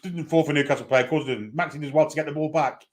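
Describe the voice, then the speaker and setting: A man's voice: fairly high pitch, fast talker. A man giving partisan live play-by-play commentary on a football match as a fan, with running asides.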